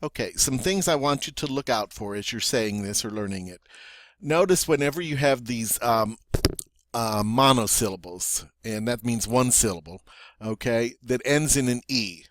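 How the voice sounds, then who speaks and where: A man teaching French pronunciation, explaining slowly and checking in with "okay?" and "all right?" as he goes. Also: mid-range voice, lively intonation, dry recording, studio quality. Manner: slow, deliberate, with many fillers and check-ins like "okay?". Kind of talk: pronunciation lesson.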